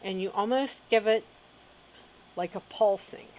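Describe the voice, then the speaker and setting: A middle-aged woman talks through a witchcraft lesson at a slow, unhurried pace. She checks in with her viewers often. Her voice sits at an ordinary middle pitch. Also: a little mellow. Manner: unhurried, frequent "okay?" check-ins. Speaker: witchcraft teacher. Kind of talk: instructional video talk.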